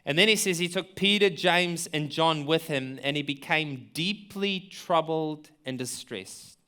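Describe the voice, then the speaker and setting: A man's voice: a little high, measured pace, bright, forceful tone, smooth. A man preaching a sermon in an earnest, conversational way, asking listeners questions and often repeating words as he thinks aloud. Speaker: pastor.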